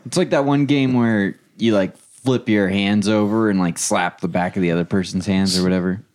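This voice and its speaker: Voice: deep voice, fairly even intonation, normal speed, darkish tone. A podcast co-host chatting casually, rambling with many fillers. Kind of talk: casual banter.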